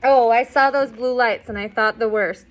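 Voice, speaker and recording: A woman's voice: a little high, steady tone, normal speed, close to an everyday voice, rough recording. Woman reading as a fretful old grandmother. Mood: worried. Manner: soft and fretful.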